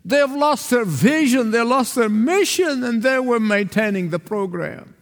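A man from the Arab world preaches with a high voice and an emphatic, repetitive cadence. His words echo with a long reverb through the church hall. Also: expressive, unhurried. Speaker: pastor. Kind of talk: sermon.

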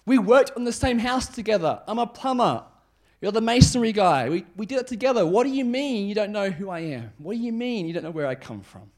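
A preacher voicing an indignant townsman who insists he is an old friend, pleading with rapid, incredulous questions. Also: sits high, expressive, darkish tone, pitched above the performer's own voice.

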